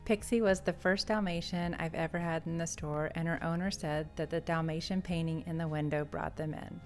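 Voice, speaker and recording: A woman, an artist and shop owner, narrating her vlog in a calm, matter-of-fact voice-over. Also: deep voice, fairly quick. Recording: voice-over with faint background music.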